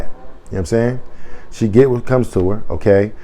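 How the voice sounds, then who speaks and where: Guy vlogging his take on a story, lowish mellow voice, keeps going "you know what im saying", gets heated. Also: fairly quick. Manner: heated, blunt opinions with rhetorical questions. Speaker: commentator on a news story. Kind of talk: casual video commentary.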